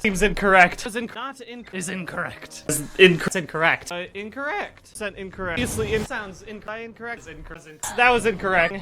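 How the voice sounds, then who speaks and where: A man heard in a rapid supercut of clipped single words, with a jumpy, animated delivery that swings between loud and soft. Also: high voice. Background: background music.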